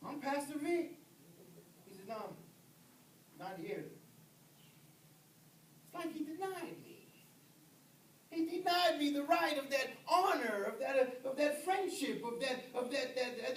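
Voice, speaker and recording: A man preaching a sermon as pastor, rising to shouts and dropping to hushed words, repeating himself as he builds. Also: extremely high pitch, expressive, a little slow, pauses often. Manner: swings from shouted emphasis to near-whisper, repeats words. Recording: echoey room heard from a distance.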